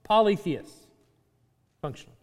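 A man teaching a class, speaking in an animated way, chuckling often and restarting his sentences. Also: high-pitched, moderate pace. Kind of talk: class lecture. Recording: hall reverb.

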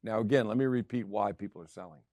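This middle-aged man talks fast in a lowish, slightly mellow, creaky voice as he hosts a real estate show. His casual monologue leans on emphatic repetition to make his points, and the studio sound is clean, with no room sound.

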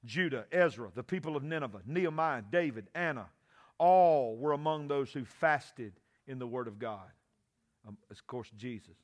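A man preaching a sermon, often shouting and calling for responses from the congregation. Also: medium pitch, expressive, moderate pace. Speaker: pastor.

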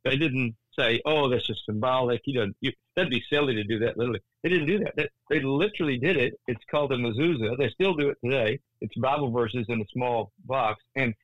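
A man's voice: mid-range voice, fairly quick, hardly any pauses. A man in his sixties tells a story earnestly as an interview guest, stumbling and restarting his sentences and lifting his voice at the tense parts. The sound is dull and lo-fi, with no room echo. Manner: animated, many restarts, voice rising in tense moments. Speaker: guest, Christian author.

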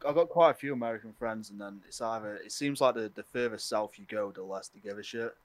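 A man's voice: fairly low pitch, quick pace, no room sound. A man from Stoke-on-Trent, a guest in a casual chat, self-deprecating and often restarting his words. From Stoke-on-Trent, England.

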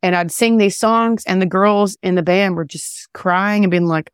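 A woman singer-songwriter talking casually in an interview, relaxed and rambling with many fillers and restarts. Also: medium pitch, moderate pace, hardly any pauses, clean tone, no echo, studio quality. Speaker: country singer-songwriter guest.

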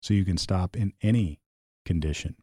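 A man's voice: low voice, moderate pace, dark tone, breathy edge, no echo, studio quality. A man, co-hosting a podcast in easygoing casual chat and telling stories. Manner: storytelling, easygoing, chuckles.

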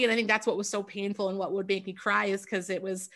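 A woman's voice: mid-range voice, level tone, fast, hardly any pauses, a bit bright. A young woman, a podcast guest, talking openly and earnestly in a candid interview, with lots of "like". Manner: earnest and open, fills with "like".

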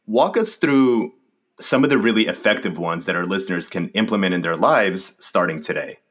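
A man hosting a podcast interview, asking questions in a measured way. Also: low-pitched, animated, fairly bright tone. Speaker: podcast host.

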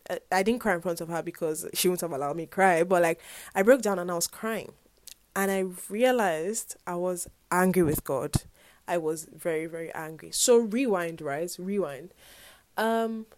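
A woman's voice: lowish voice, a little mellow, no echo. Earnest young woman, dry close sound. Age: young adult. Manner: earnest, reflective, rambling with many "like" and "whatnot". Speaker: university student vlogger. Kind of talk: personal faith vlog, casual confessional talk.

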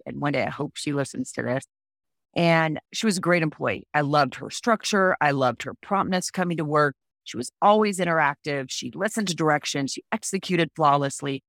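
A woman in her forties, a podcast guest, telling frank personal stories in an expressive way. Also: low voice, no echo, clean studio sound. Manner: expressive, frank, acts out quoted voices. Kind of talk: candid podcast storytelling.

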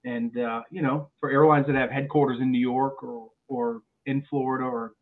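A male airline pilot, a guest on a podcast, telling stories in a lively way and often restarting his words. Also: mid-range voice, moderate pace. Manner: animated storyteller with frequent restarts and repeated words. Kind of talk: podcast interview chat. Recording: phone-like narrow sound.

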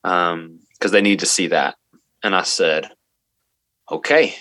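Interview guest, male teacher, lowish bright voice, earnest and halting, dry close sound. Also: steady tone, no room sound. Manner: earnest, halting, many restarts and fillers. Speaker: middle school math teacher, interview guest. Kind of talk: storytelling in a podcast interview.

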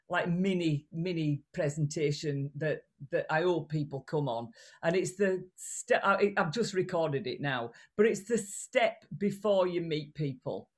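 A woman with a regional British accent, a communication coach speaking as a guest in a casual interview over a video call, blunt and chatty. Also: fairly low pitch. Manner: animated, blunt, chatty with restarts.

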